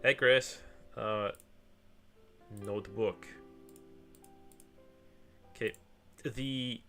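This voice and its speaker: A man's voice: mid-range voice, steady tone, very slow, sharp tone, faint music behind. A male game streamer chatting casually at home, rambling with lots of fillers and restarts. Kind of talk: casual chat while gaming.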